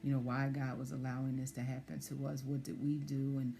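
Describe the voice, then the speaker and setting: A woman sharing a personal testimony in conversation, soft-spoken and hesitant with many fillers. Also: extremely low pitch, completely flat delivery, brisk, vocal fry, slight background noise. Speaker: guest sharing pregnancy loss story.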